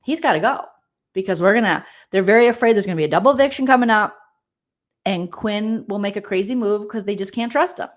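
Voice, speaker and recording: A woman in her forties hosting a casual comedic recap of a reality show, reading viewer comments and making quick, joking asides. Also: medium pitch. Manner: chatty, jokey, quick asides and mock voices.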